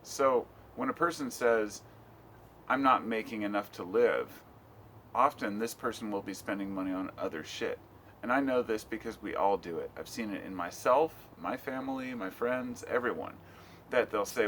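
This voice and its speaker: A man's voice: lowish voice, normal speed, fairly bright tone, a little hiss or hum. A middle-aged American man talking at home in a loose, rambling vlog, swearing casually. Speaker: vlogger.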